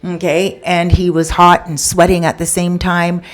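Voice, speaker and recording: A woman's voice: on the low side, monotone, measured pace. A woman telling a story in a casual, chatty way, with conversational asides to the listener.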